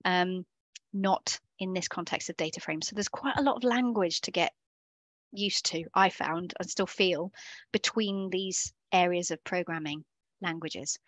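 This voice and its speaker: A woman instructor runs a live coding workshop online over a video call, explaining chattily and frequently correcting herself along the way. Her voice is on the low side, with no room sound.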